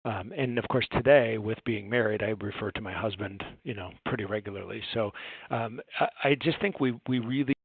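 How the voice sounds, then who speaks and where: A man's voice: on the low side, fairly quick, husky, dry recording. A man in his forties presenting a training session, earnest and conversational, telling stories with lots of fillers and asides. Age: 40s. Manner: earnest, storytelling, frequent fillers and rhetorical "right?". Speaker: home care agency owner presenting a training session. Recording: tinny phone-like dry audio.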